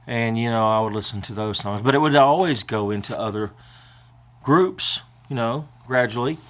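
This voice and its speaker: A man's voice: medium pitch, lively intonation, moderate pace. An older man vlogging in a casual, rambling way, emotional and prone to choking up as he talks.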